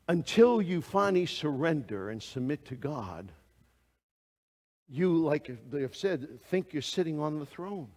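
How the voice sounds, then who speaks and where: A man preaching a sermon to a congregation, asking them direct questions and swinging between loud exclamations and hushed asides. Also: fairly high pitch, sing-song, moderate pace, long reverb tail.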